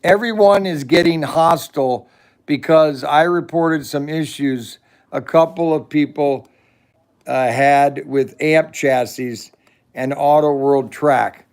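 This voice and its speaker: Slow, gravelly middle-aged man. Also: a little high, a little mellow. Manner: rambling, chats with viewers' comments. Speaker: livestream host. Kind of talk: casual livestream chat. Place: shed.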